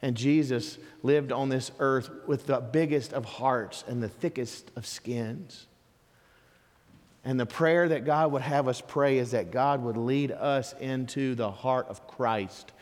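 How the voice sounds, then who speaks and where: Guy preaching, punchy and animated, ordinary pitch, echoey big room. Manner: emphatic, animated storytelling with voiced asides. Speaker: pastor. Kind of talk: sermon.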